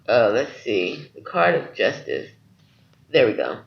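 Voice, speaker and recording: A man's voice: medium pitch, wildly swooping pitch, measured pace, gravelly, highs cut off. A man giving a spiritual tarot reading to his viewers, earnest and encouraging, often checking in with "okay?". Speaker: tarot reader.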